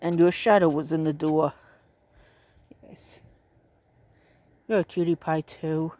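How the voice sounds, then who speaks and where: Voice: medium pitch, fairly even intonation, slow, mellow, no echo. A vlogger outdoors filming with a phone, narrating casually and cooing to pets and birds. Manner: coos and chats to pets and birds. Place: outdoors in a yard. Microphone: phone camera.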